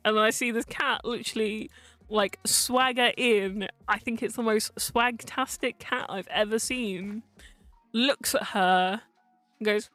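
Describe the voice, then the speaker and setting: A woman's voice: a little high, fairly even intonation, moderate pace, a bit bright, dry recording, soft background music. A woman streaming as a vtuber, telling a casual story in a chatty way, full of fillers, swearing and frequent laughs.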